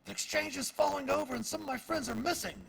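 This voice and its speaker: A man voicing a panicked human miner who shouts in alarm. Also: very high voice, fast talker, creaky, pitched above the performer's own voice, full character voice, poor audio.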